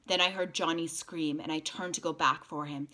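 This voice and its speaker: A woman reading a novel aloud to a group of students, with quiet, steady narration. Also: low voice, moderate pace.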